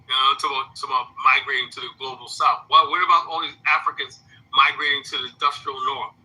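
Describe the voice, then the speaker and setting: Blunt, bright-voiced man ranting. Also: medium pitch, steady tone, a little fast, husky, poor audio. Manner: blunt, repetitive, rhetorical questions. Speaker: commentator in a played clip. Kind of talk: heated commentary reacting to a clip.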